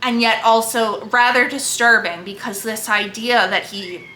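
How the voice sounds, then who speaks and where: A woman's voice: medium pitch, steady tone, measured pace, sharp tone, a little hiss or hum. A woman at home in a casual, enthusiastic book talk, effusive about what she loves. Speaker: book video creator. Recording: echoey room.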